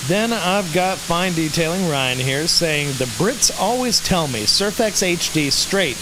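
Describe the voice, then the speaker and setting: A man's voice: on the high side, lively intonation, measured pace. A man hosting a livestream Q&A, reading viewer comments aloud and chuckling often. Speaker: host. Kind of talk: livestream Q&A chat. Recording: noisy stream audio.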